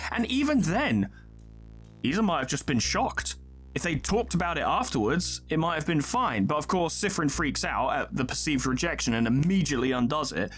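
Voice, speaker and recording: A man's voice: a little high, fairly bright tone. A man talking over his let's play in casual video game commentary, rambling and correcting himself with apologetic asides.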